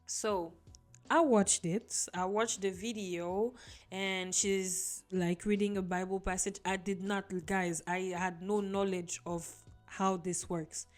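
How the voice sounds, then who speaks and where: A woman's voice: medium pitch, steady tone, takes it slowly. A woman telling her personal faith testimony to viewers in an earnest, casual storytelling way. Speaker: vlogger sharing her testimony. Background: soft background music.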